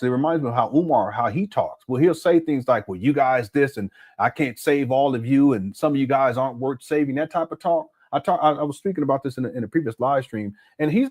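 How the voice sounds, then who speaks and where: A man hosting a live stream in a relaxed, conversational way. He reads viewers' messages aloud and answers them, often thinking out loud. His voice sits at an ordinary middle pitch. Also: breathy edge. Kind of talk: casual commentary live stream.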